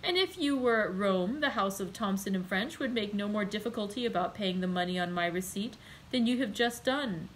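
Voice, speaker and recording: A woman reading the lines of a wealthy, commanding nobleman count, calm, gracious and cold. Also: mid-range voice, normal speed, a little hiss or hum, natural voice, poor audio. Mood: calm, assured.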